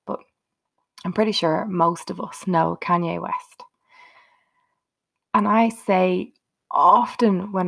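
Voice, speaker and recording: A woman's voice: medium pitch, creaky. A woman hosting her own motivational podcast, talking unscripted and earnestly, chatting straight to her listeners. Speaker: podcast host.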